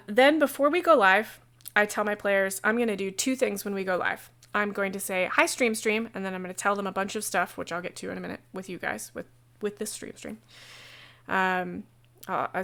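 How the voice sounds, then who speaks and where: A woman game master talking casually on a livestream about running a tabletop session, chatty and digressive, with quick asides. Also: medium pitch, fairly bright tone. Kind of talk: casual how-to talk on a livestream.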